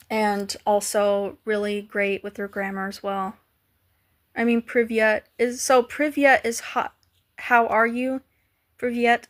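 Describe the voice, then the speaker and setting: A slightly high-voiced woman chats with her live viewers in an easy, unhurried way. She giggles often and playfully sounds out foreign words, asking whether she got them right. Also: a bit bright. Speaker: live streamer. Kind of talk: casual chat with live viewers.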